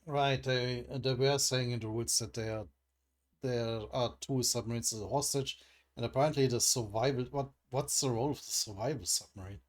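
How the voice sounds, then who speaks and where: A man's voice: medium pitch, fairly even intonation, moderate pace. A man reading a comic aloud and commenting as he goes, musing and hesitant, with frequent restarts. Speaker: comic readthrough host.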